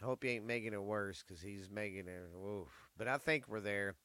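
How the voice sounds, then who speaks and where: Brief: rambling, swearing male sports host, bright crisp voice, dry sound. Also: fairly low pitch, moderate pace, no room sound. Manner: rambling, profane. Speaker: podcast host. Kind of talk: casual sports chat.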